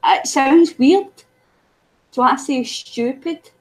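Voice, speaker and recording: A woman's voice: high voice, slow pace, poor audio. A woman with a Scottish accent chatting casually on a video call, laughing often and teasing about how words are said. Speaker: craft livestream co-host. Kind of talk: casual chat.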